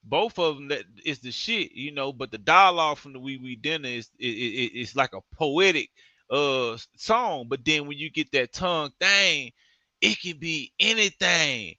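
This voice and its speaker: Very bright laid-back male interviewer. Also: a little high, animated, normal speed, dry recording. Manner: laid-back, agreeable, slangy. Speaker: interview host. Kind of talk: casual interview chat. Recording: dull lo-fi audio.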